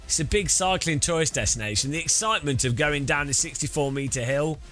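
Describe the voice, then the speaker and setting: A man's voice: a little high, a little fast, bright, forceful tone, faint music behind. A man casually chatting on a sim-racing live stream, joking and rambling as he reads chat aloud.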